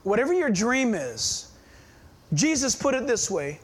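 A male pastor preaching a sermon, emphatic and full of rhetorical questions, dropping to hushed asides for effect. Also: very high-pitched, sing-song, unhurried.

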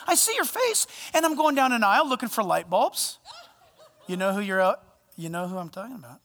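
A male pastor preaching a sermon, animated and playful, swinging between loud bursts and hushed asides. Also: sits high, brisk, creaky, in a large hall. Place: church sanctuary.

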